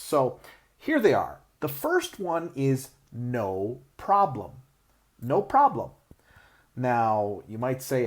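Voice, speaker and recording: A man's voice: medium pitch, darkish tone. A man teaching English learners useful phrases in a chatty way, with lots of "uh" and restarts, laughing as he acts out sample exchanges. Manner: chatty, with frequent "uh" and self-restarts; acts out sample replies and laughs between examples. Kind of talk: explaining tips to English learners.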